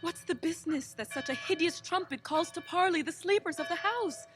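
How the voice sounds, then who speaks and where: A woman's voice: very high voice, a little fast, faint music behind. An actress playing a noble lady who urgently demands to know what is happening, in Shakespearean stage style. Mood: alarmed demand.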